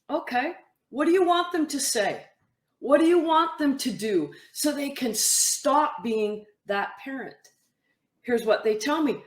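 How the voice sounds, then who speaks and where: A woman coach speaks to camera with a high, swooping voice, taking her time over each point. She slips into a brighter voice to act out the athletes she quotes. The room around her is echoey. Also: a little slow. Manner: animated, acts out athletes' quotes in a higher voice. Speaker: mental toughness coach. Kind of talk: talking to camera, advice monologue.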